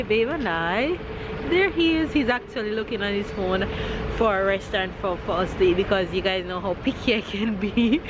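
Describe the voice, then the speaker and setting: A young woman chatting casually as a vlogger, gushing and excitable. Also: mid-range voice, reverberant, noisy background. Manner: bubbly, gushing, squealing with excitement. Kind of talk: casual vlog chat. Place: home, then outdoors in a town.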